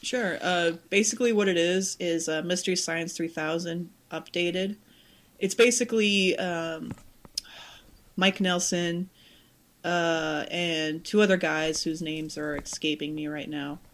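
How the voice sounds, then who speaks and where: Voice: mid-range voice, steady tone, measured pace, fairly bright tone. A podcast host who chats casually and enthusiastically, enunciating every word. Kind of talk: casual chat.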